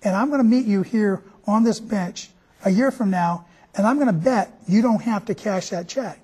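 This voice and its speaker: A man voicing a calm, kindly little old man in a top hat, speaking gently and reassuringly. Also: high-pitched, normal speed, husky.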